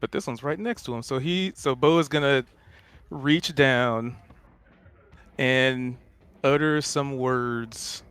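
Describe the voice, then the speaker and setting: A man's voice: medium pitch, slow, pauses often, a bit bright, clear, resonant tone, no echo. A male player at a tabletop game, thinking aloud hesitantly about his move. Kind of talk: casual chat over a tabletop game.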